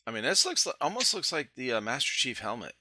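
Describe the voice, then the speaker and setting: A man hosting a podcast in casual chat, laid-back and profane, with quick reactions. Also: medium pitch, sing-song, a crowd in the background. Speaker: podcast host.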